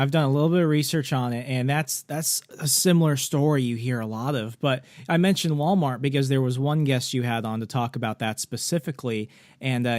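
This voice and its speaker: A man's voice: medium pitch, dry recording, clean studio sound. A man chatting casually on a podcast, rambling with lots of "like" and "you know". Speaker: podcast host. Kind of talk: casual chat.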